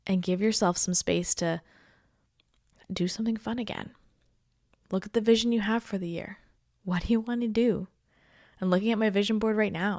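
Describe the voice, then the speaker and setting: A woman hosting her own podcast, talking in a warm, encouraging, heartfelt way and often trailing into a soft near-whisper. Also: mid-range voice, no room sound, clean studio sound. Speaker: podcast host. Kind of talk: casual solo podcast talk.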